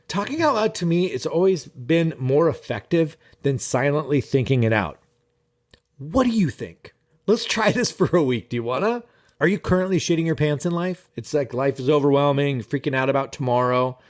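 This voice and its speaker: Guy productivity coach vlogging to camera, swears a lot, super animated and kinda high-pitched, talks right at you. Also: normal speed. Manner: animated, profane, talks straight to viewers. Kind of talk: casual vlog monologue.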